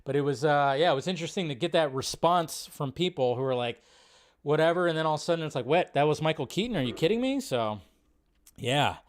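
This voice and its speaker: A man hosting a live stream, reacting to a movie trailer in an excitable, rambling way and swearing freely. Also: fairly high pitch, quick pace. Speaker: host. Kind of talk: casual live-stream commentary.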